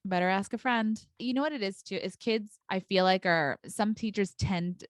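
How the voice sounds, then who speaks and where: A woman's voice: medium pitch, no room sound, clean studio sound. A young adult woman teacher co-hosting a podcast, talking frankly and emphatically in casual chat. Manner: frank and emphatic, quick asides.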